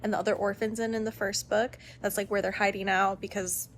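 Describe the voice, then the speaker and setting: A woman's voice: medium pitch, flat delivery, fairly quick. A young woman chatting casually as she recaps a book series, gushing and swearing freely. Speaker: book vlogger.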